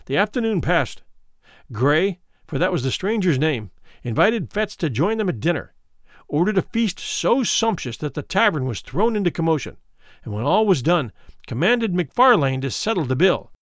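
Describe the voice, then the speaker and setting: A man narrating a classic horror tale with an expressive, varied delivery. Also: a little high, normal speed, no echo, clean studio sound. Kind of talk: dramatic audiobook narration.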